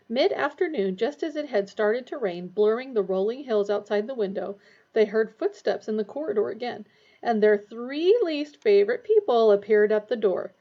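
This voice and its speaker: Woman narrator for a storybook, steady and expressive, recorded with a dull lo-fi sound. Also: medium pitch. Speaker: audiobook reader.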